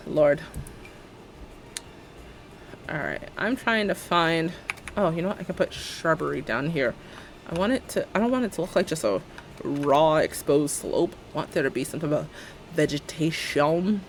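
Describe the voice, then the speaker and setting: Woman streamer, casual rambling chat, pitch swinging widely, faint hiss behind. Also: lively intonation, a little slow, long pauses. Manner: rambling, laughs often, joking. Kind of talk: casual live-stream chat while building in a game.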